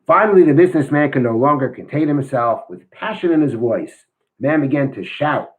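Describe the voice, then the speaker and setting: A man's voice: medium pitch, lively intonation, brisk, poor audio. A man teaching a weekly Torah class, explaining ideas and reading a story aloud, often thinking aloud as he goes.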